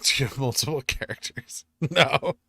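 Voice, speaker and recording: A man's voice: mid-range voice, normal speed, gravelly, pushed and bright, no room sound. A middle-aged man hosting a finance stream, chatting casually with viewers and joking at his own expense. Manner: joking, self-deprecating. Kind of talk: casual live-stream chat reading comments.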